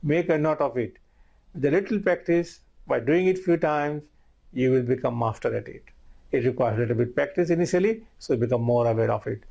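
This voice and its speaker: A man's voice: medium pitch, brisk, creaky, mellow. A man teaching a recorded online lesson, earnest and repetitive, often calling his listeners "my friends". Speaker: course instructor.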